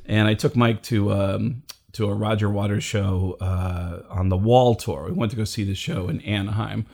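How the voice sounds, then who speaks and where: A middle-aged man casually telling a comedy story, acting out the people he quotes with big jumps in pitch. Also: fairly even intonation, normal speed, gravelly, a little mellow. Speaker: comedian guest.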